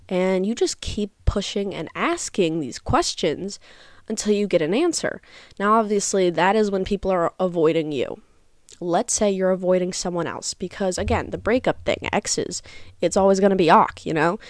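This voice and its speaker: A woman's voice: fairly low pitch, moderate pace, no room sound, studio quality. Frank, chatty young woman host. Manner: chatty, frank, uses many fillers. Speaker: podcast host. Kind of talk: casual advice monologue.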